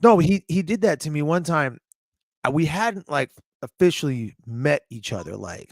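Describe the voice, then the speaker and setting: A man co-hosting a martial arts podcast, telling animated stories in casual chat. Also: on the high side, normal speed, dry recording, studio quality. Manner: animated storytelling, acts out quotes. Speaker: co-host.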